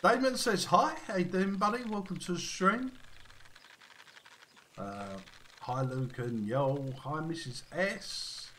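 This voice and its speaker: A man's voice: fairly high pitch, expressive, slow, sharp tone, slight background noise. A man live-streaming a fishing game, chatting casually and reading viewer messages aloud.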